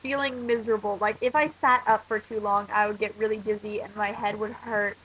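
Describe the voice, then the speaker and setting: A woman's voice: medium pitch, steady tone, brisk, a bit bright, slight background noise. A teenage girl vlogging as an exchange student while sick, with a stuffy nose and a cough, rambling with lots of fillers. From United States. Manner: rambling, ranting, many fillers. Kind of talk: casual vlog. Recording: dull lo-fi recording.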